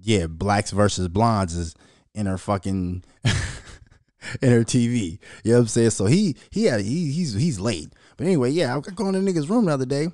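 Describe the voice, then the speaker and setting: A man's voice: mid-range voice, normal speed, no echo. A man in his thirties hosting his own show, telling profane stories in a casual monologue. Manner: profane, animated storytelling. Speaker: show host.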